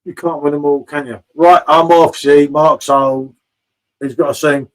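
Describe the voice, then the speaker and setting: A man's voice: fairly high pitch, steady tone, moderate pace, poor audio. A man in casual live-stream chat from a home bar, chatty and swearing freely, calling everyone mate.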